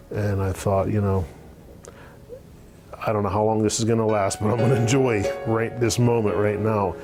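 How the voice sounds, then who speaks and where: A middle-aged man giving a halting testimonial in an interview, with many fillers and restarts. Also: deep voice. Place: office. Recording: guitar music playing clearly underneath.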